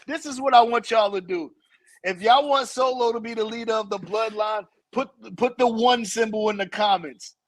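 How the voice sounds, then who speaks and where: A man's voice: high voice, normal speed, low-quality recording. A man co-hosting a casual wrestling podcast, talking profanely and breaking into laughter often. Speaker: podcast co-host.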